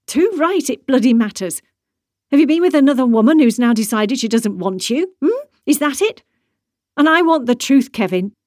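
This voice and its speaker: A woman voicing an upset, angry wife who shouts and swears in a high, strained voice. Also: animated, moderate pace, no echo, studio quality. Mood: demanding. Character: distraught furious woman, abandoned wife. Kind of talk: audiobook character reading.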